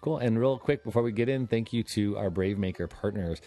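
A man's voice: fairly low pitch, fairly quick, mellow, faint music behind. A middle-aged man hosting a podcast, chatting casually and laughing often. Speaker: podcast host.

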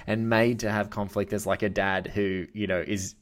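A man's voice: fairly low pitch, flat delivery, moderate pace, clean tone. A man hosting a podcast, talking about a film in an enthusiastic, rambling way and laughing often. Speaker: podcast host. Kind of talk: casual film discussion.

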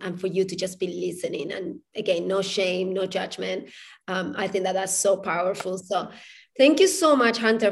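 A woman hosting a podcast interview, encouraging and affirming toward her guest in casual talk. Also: mid-range voice. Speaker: podcast host.

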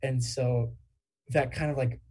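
Young man, co-host, very husky voice, mellow dark tone, reflective, rambling, filler-heavy. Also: medium pitch, fairly even intonation, unhurried. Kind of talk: casual podcast chat.

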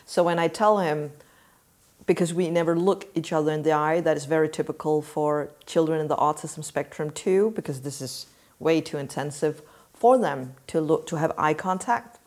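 Low-voiced woman explaining earnestly. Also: moderate pace, a little mellow. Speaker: podcast host. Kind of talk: casual talk to listeners.

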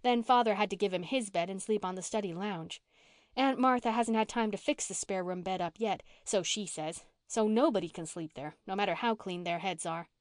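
A woman's voice: mid-range voice, moderate pace, no room sound, clean studio sound, close to an everyday voice. A woman reading an audiobook and voicing a cheerful, dramatic minister's daughter who speaks eagerly.

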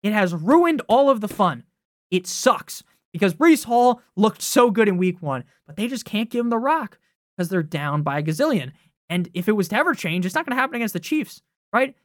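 A man's voice: high-pitched, no echo, studio quality. A man hosting a fantasy football podcast, giving casual, heated and sarcastic analysis full of swearing.

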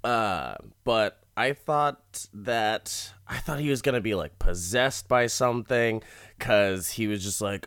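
Laid-back dude slowly rambling through a movie plot, keeps laughing, swears a lot, dry close sound. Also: male voice, fairly low pitch, a bit bright, clear, resonant tone, no room sound. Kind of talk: casual movie recap.

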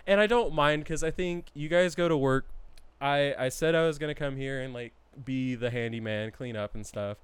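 A young man chatting casually with friends, telling animated stories, swearing often and acting out what his dog thinks. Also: on the high side, brisk, smooth, no echo. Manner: animated storyteller, swears a lot, acts out a dog's thoughts. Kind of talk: casual chat.

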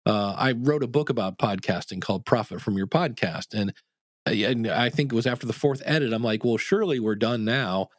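A man, a podcast coach, answering interview questions in an animated way, acting out the people he quotes. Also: on the low side, brisk, no echo, clean studio sound.

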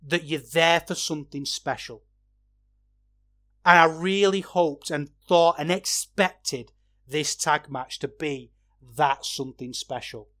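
A man hosting a podcast, giving a rambling, opinionated wrestling review that gets animated when he is worked up. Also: on the high side, slow pace. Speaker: podcast host.

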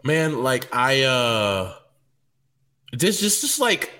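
A man co-hosting a podcast, telling stories in a casual, animated way. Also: medium pitch, extremely slow. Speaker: podcast co-host. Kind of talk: casual chat.

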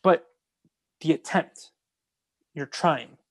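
A man's voice: a little high, slow pace. Earnest, agreeable man in casual chat. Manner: earnest and agreeable, repeats words while gathering thoughts. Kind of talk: casual conversation.

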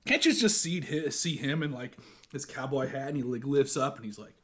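A man's voice: medium pitch, animated, a little fast. A man co-hosting a podcast in casual chat, joking and laughing often. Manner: giggly, joking. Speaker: podcast co-host.

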